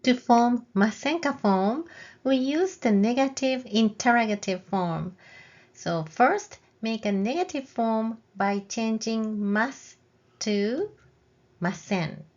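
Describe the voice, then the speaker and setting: Slow, clear woman teaching a language lesson. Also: on the high side, lively intonation, darkish tone, highs cut off. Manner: models example phrases with a rising question tone for learners to repeat.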